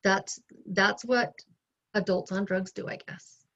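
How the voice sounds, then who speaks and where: A middle-aged woman telling her story as an interview guest, candid and animated, acting out both sides of past conversations. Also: mid-range voice, slow pace. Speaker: interview guest, bereaved mother. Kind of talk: emotional personal storytelling. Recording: dull lo-fi sound.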